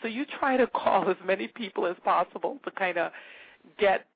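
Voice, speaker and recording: A woman from Trinidad, a guest on an interview, talks in a casual, animated way and acts out the voices of the people in her stories. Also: medium pitch, normal speed, husky. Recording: tinny phone line.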